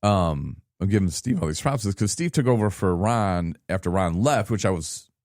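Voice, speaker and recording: A man in his thirties from Michigan, telling his own story in a casual, animated podcast chat and acting out what people said. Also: low-pitched, normal speed, no room sound, clean studio sound. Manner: animated, laughing, acts out quoted people. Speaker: podcast guest.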